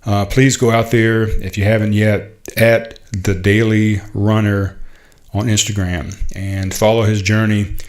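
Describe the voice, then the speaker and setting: A middle-aged man hosting a podcast, telling a heartfelt story in a halting, casual way, full of fillers and restarts. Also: on the low side, flat delivery. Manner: heartfelt, proud. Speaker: podcast host.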